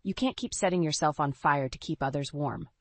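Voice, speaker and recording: A caring longtime friend who talks gently but holds firm, as a woman narrator gives her voice. Her voice sits low. The recording is dry and close. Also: brisk, no echo.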